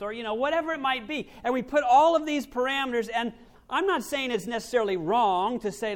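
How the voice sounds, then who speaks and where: A male pastor with a notably high-pitched voice delivers a sermon. He talks animatedly, swinging between loud, emphatic lines and hushed, near-whispered asides. He slips into quoted voices to make his points. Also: brisk.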